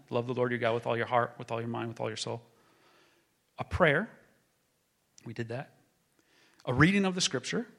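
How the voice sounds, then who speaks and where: A man preaching a sermon as a pastor, building to emphatic proclaiming and then dropping to a hushed tone. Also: medium pitch.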